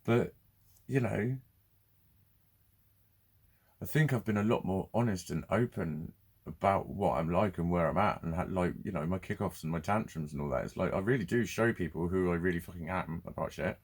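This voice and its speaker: A man's voice: low voice, a little mellow, husky. A man ranting bluntly and swearing in a casual vlog. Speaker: vlogger. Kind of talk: casual ranting monologue to camera.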